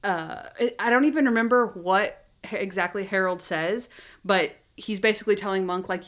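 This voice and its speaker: A woman co-hosting a podcast in casual chat, retelling scenes in an animated, giggly way. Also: medium pitch, normal speed. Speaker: podcast co-host.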